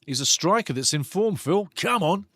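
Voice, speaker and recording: A man hosting a live football watch-along, commentating excitedly on the match and chatting with viewers' comments. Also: high voice, moderate pace, slightly rough, no room sound, clean studio sound.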